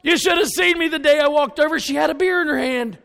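A man preaching a sermon full of stories and jokes, with an animated, jokey delivery. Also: very high voice, fast, vocal fry. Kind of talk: storytelling sermon.

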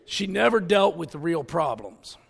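A man preaching a sermon full of stories and jokes, with an animated, jokey delivery. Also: fairly high pitch, moderate pace, creaky, breathy edge. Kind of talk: storytelling sermon.

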